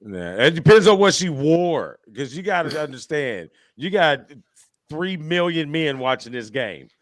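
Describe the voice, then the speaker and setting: Man, lively pitch, dry close sound, joking podcast co-host. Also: a little slow, dry recording. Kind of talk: casual podcast chat.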